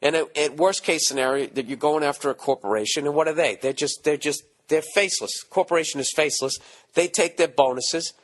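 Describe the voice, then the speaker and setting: A man in his forties with a Boston accent, hosting a podcast, ranting casually with lots of profanity; his voice is hoarse from screaming. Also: fairly high pitch. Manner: profane, animated ranting with mocking asides. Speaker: podcast host.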